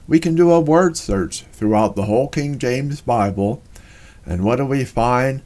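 A man presenting a scripted teaching narration on scripture, slow and deliberate, stressing single words. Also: medium pitch, darkish tone. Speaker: religious history presenter.

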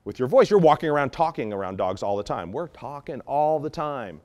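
A man teaches dog training methods in an animated instructional talk, acting out sample tones of voice along the way. His voice sits in the mid range, and he speaks fairly quickly.

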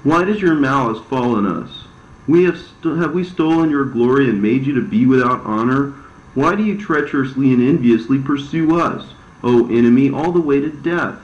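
A man's voice: medium pitch, normal speed, pitched above the performer's own voice, natural voice. A man voicing Eve, a sorrowful young woman who cries out in accusation against her deceiver. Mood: anguished. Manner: crying out, accusing. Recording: roomy, slightly dull recording.

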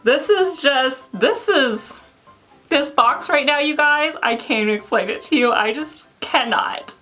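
A woman chatting to viewers while unboxing, gushing and excitable and squealing with delight. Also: sits high, a little slow, soft background music. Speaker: unboxing vlogger. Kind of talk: casual unboxing chat to viewers.

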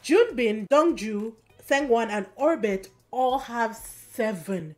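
A woman giving a casual, animated recap of a competition show, telling the story quickly with fillers and quick asides. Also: mid-range voice. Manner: animated, fast storytelling with fillers and acted quotes. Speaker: recap vlogger.

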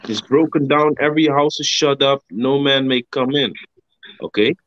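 A man's voice: medium pitch, normal speed, fairly bright tone. A man on a casual live stream discussing scripture, talking in an emphatic, slangy way, ending sentences with "man" and swearing freely. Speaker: co-host of a religious live stream. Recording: dull, dry sound.

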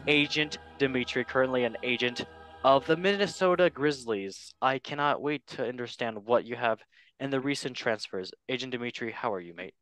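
A man hosting a casual, jokey football talk show, swinging between loud bits and quiet asides. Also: medium pitch, moderate pace, soft background music. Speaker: host. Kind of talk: casual comedic sports chat.

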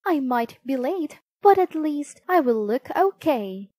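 A panicked bride in a fancy white dress, put on by a woman reading a storybook, yelling high and loud with a wide swinging pitch. The sound is dry and close. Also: very animated, takes it slowly, no echo, full character voice. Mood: grateful.

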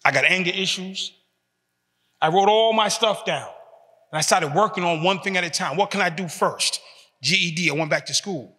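A man in his fifties speaks in a high, bright voice. He tells his story with emphasis and leans on short, repeated phrases. His voice rings out with a long echo in a large hall. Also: moderate pace. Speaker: speaker giving a talk to prisoners. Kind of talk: motivational talk.

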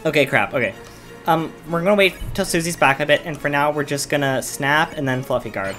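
A man commentating as he plays a video game, excited and yelling at the screen. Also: on the high side, fairly quick, soft background music. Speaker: gameplay video host. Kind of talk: live gameplay commentary.

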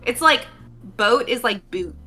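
A woman's voice: fairly low pitch, expressive, moderate pace, sharp tone, soft background music. A young woman playing along on a game stream, bantering and teasing in a playful way. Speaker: co-player. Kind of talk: casual gaming livestream chat.

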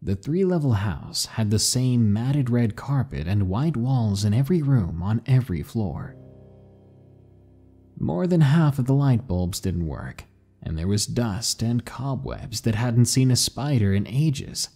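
A man narrates true ghost stories for a podcast in a husky, mellow voice. His pitch rises and falls in a lively way as he builds suspense with measured pauses. Faint music runs beneath his reading.

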